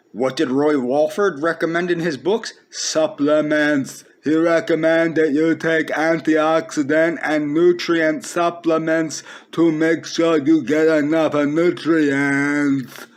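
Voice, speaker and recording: Man around 40, slightly higher-pitched, combative solo ranter who hammers his points by repeating them. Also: slow pace. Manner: testy, combative, sarcastic, emphatic repetition. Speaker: vlogger. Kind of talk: unscripted ranting monologue.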